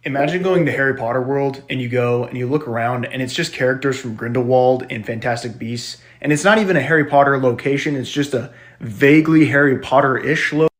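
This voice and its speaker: A man giving brisk, explanatory commentary in a social media video clip. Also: mid-range voice.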